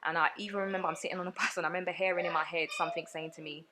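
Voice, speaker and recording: A woman, a podcast guest telling her own story in an earnest, rapid way with many fillers. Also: on the low side, little pitch movement, noisy background. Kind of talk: personal storytelling in a podcast interview.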